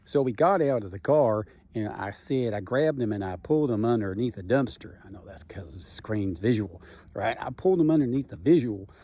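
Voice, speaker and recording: A middle-aged man, a comedian, telling a personal story in a casual, animated and profane way, often tagging his lines with "right?". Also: lowish voice, moderate pace.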